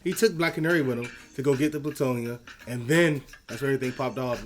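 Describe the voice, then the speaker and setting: A man co-hosting a casual comic book chat, excitable and dramatic as he defends a character. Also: medium pitch, quick pace, slight background noise. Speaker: podcast co-host.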